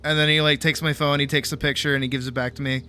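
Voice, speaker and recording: A man from Boston, a streamer telling a goofy travel story in a casual, animated way, swearing freely. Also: on the high side, fast talker, soft background music. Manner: animated, swears, laughs often.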